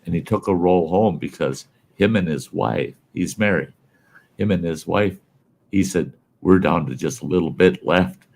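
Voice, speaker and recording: A man's voice: deep voice, normal speed, creaky, a little mellow. A man hosting a casual chat, telling folksy anecdotes and laughing at his own stories. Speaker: podcast host.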